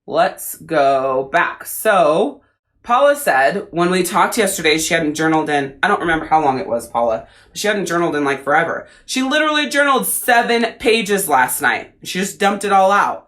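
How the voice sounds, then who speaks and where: A woman's voice: on the low side, very animated, normal speed, fairly bright tone. Blunt, profane woman coach. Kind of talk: casual live-stream coaching talk.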